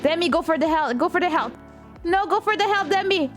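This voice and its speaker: A young woman live streaming, chatting casually with viewers while playing a game, excitable and laughing often. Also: extremely high pitch, a little fast, soft background music.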